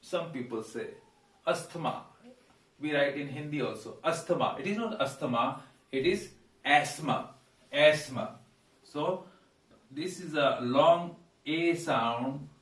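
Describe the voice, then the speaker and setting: A man teaching English pronunciation, pausing on fillers and repeating words slowly. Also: a little high, distant mic. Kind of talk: pronunciation lesson. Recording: echoey room, voice away from mic.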